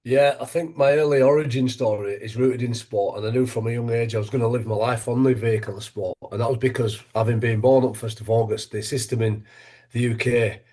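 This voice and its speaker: A man, a former rugby league player, talks as a guest in a relaxed, thoughtful way. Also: medium pitch. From Yorkshire, England. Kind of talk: casual interview chat.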